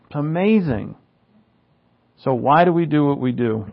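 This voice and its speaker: A man with a fairly high voice preaches a sermon in an easy, conversational manner. He keeps asking the congregation rhetorical questions and drops in wry asides. The recording sounds dull and lo-fi. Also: expressive, a little slow, gravelly, pauses often. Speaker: pastor.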